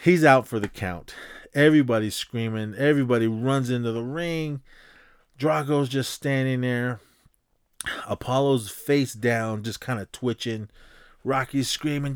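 Male podcast host, casual film recap, animated and rambling, acts out scenes, average pitch, dry recording. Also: a little slow, clear, resonant tone, no echo. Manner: animated storytelling, acts out scenes with sound effects; loose and rambling, many fillers and restarts.

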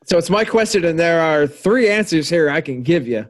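A man's voice: on the high side, expressive, moderate pace, no room sound. Dry man thinking aloud in a quiz. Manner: asks for clarification, thinks aloud. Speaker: quiz player. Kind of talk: casual banter.

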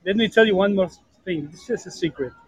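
A man's voice: high-pitched, a little fast, breathy edge, no echo, poor audio. A man from Argentina calling in to a podcast from a bar, chatting and teasing his co-hosts. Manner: joking, teasing banter. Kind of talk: casual chat.

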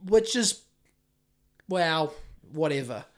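A man's voice: a little high, animated, takes it slowly, fairly bright tone. A man with a New Zealand accent, a house painter and podcast co-host, chatting casually in a rambling, sweary way with lots of restarts. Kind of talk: casual chat.

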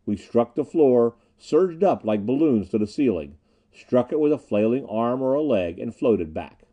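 Mellow, expressive male storyteller. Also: medium pitch, moderate pace, dull audio. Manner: expressive, lively reading. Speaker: audiobook narrator. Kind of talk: first-person dramatic narration.

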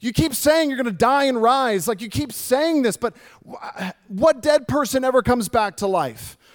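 Preacher doing bewildered followers, questions climbing high, a sermon aside. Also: male voice, normal speed, long reverb tail. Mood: incredulous. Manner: questioning, disbelieving, rising voice. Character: baffled, incredulous group of male followers.

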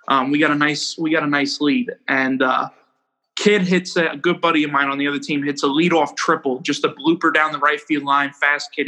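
Young male ballplayer guest, slightly high, bright, rambling storyteller. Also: low-quality recording. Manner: rambling, animated, quick to laugh at himself. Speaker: baseball pitcher guest. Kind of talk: casual storytelling interview.

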